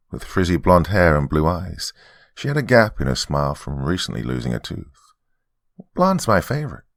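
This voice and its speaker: A male horror podcast host reading a scripted tale in a measured, dry storytelling manner. His voice sits extremely low with heavy fry, yet moves lively up and down. The sound is close and dead, with no room around it. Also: dry recording.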